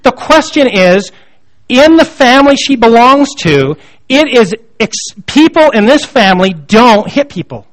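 A man's voice: very high voice, big pitch swings, measured pace. A man in his thirties preaching a sermon, telling stories from his family life in a conversational, self-deprecating way. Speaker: pastor. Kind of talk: sermon with personal storytelling.

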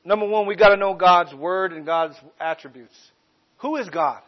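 A male pastor preaching a sermon, leaning hard on key phrases and slowing them down. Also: sits high, highs cut off. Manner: emphatic preaching with slow stressed phrases.

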